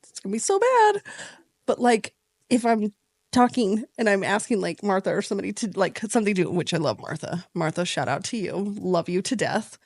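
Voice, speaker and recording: A woman co-hosting a podcast in casual chat, rambling and quick to laugh. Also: mid-range voice, very animated, darkish tone, slightly rough, dry recording, studio quality. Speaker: podcast co-host.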